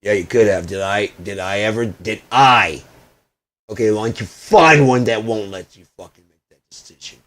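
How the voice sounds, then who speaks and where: Profane ranting man, low voice. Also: moderate pace. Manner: profane, swings from loud outbursts to muttering. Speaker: video blogger. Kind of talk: ranting personal monologue.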